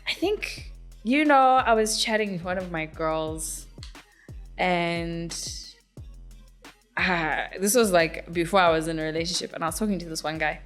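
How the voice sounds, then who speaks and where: A woman's voice: lowish voice, unhurried, faint music behind. A young woman from Zimbabwe, a singer-songwriter, answering interview questions in a chatty, giggly way with lots of fillers.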